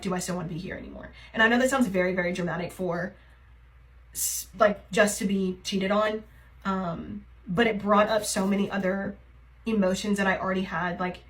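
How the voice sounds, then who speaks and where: A woman's voice: mid-range voice, poor audio. A young woman telling a personal story in a confessional get-ready-with-me vlog, hesitant and full of fillers, emotionally raw. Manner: rambling and hesitant, heavy on fillers. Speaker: TikTok creator.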